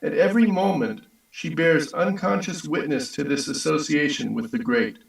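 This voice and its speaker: Male reader, measured, gravelly tone, distant mic, heavy room echo. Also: a little high. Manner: steady, measured reading. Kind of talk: reading a text aloud.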